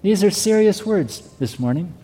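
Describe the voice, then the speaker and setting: A male pastor delivers a sermon, his voice high yet mellow and dark in tone. He keeps asking the congregation whether they heard him. The sound rings out with a long reverb, as in a large church hall. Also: expressive, normal speed, slightly rough. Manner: preaching with rhetorical questions to the congregation. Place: church sanctuary.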